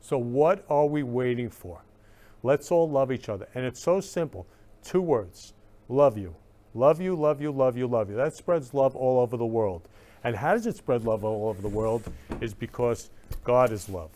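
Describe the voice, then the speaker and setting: A man's voice: mid-range voice, animated, normal speed, dark tone. Effusive man gushing "love you" repeatedly. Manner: emotional, gushing. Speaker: host. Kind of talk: live-stream talk show chat.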